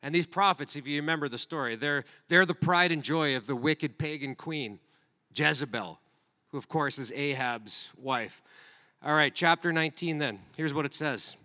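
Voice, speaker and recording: A man's voice: on the high side, normal speed, bright, forceful tone. A man preaching a sermon, reading scripture aloud and then speaking to the congregation in an earnest way. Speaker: pastor. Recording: reverberant hall.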